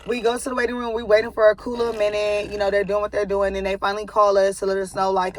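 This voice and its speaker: A young woman talks straight to her viewers in a loose, rambling vlog. Her pitch sits in the middle range for a woman. She fills her sentences with likes and ums and stops now and then to settle a baby beside her. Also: level tone, fast, hardly any pauses, a little hiss or hum. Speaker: vlogger giving a life update. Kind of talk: casual chat to camera.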